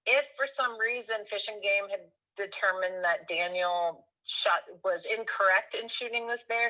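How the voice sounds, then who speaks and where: Woman in her 30s, bright voice, chatty and animated, lots of ums and self-corrections. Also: mid-range voice, rough recording. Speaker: guest. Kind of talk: casual storytelling.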